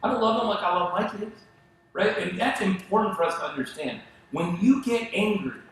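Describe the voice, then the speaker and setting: Man preaching in an echoey church. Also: sits high. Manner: conversational and animated, with asides and acted-out quotes. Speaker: pastor. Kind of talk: sermon. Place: church auditorium.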